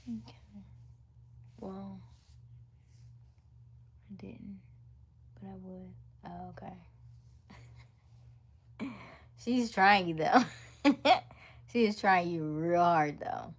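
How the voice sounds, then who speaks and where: Speaking very slowly and pausing often, this woman has a medium-pitched voice. She's hosting a livestream, chatting loosely with viewers, reading out their comments, laughing a lot and lowering her voice to near-whispers.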